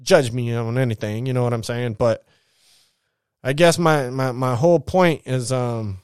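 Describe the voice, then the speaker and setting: A man's voice: medium pitch, a little slow, darkish tone, clean tone, no room sound, studio quality. A man in his thirties telling his life story in a casual, rambling monologue, blunt and full of swearing and slang.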